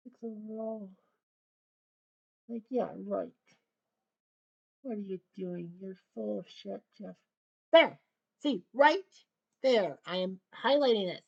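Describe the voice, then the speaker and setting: A woman giving play-by-play commentary on a table hockey game, with excited goal calls and sarcastic asides to the viewers. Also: medium pitch, slow pace, gravelly, long pauses, lo-fi sound.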